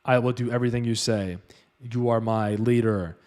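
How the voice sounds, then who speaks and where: A man's voice: mid-range voice, steady tone, moderate pace, a little mellow, lightly acted. A man voicing a commanding, self-styled enlightened male acupuncturist who talks down to people. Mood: solemn. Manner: bossy, calls everyone man.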